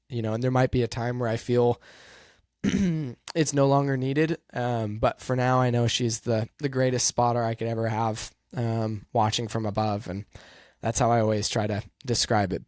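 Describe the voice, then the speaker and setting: A man hosting a podcast about his racing life, telling a personal story in a halting, earnest way with many pauses and fillers. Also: mid-range voice, a little mellow, no echo, clean studio sound. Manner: emotional, earnest. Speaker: podcast host and race car driver.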